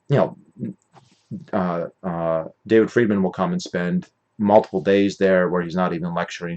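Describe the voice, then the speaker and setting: Deep-voiced guy rambling on his podcast, opinionated, keeps correcting himself. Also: darkish tone, dull audio. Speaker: podcast host. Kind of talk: casual monologue recap.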